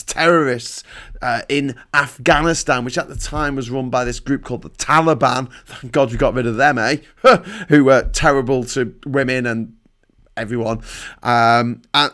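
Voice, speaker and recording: A man holds forth on his livestream, swearing freely and circling back on himself mid-sentence. His pitch sits in an ordinary middle range, and he speaks in a loose, conversational way into a home desk mic. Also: fairly bright tone. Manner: profane, rambling, frequent restarts. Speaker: livestream host. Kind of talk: casual ranting monologue.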